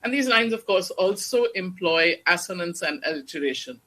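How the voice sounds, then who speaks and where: A lecturer with a bright, clear-edged tone speaks at a steady mid pitch. The delivery is measured and explanatory, like an academic lecture to an audience. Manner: measured, explanatory, slows down to recite verse. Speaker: guest lecturer on Shakespeare.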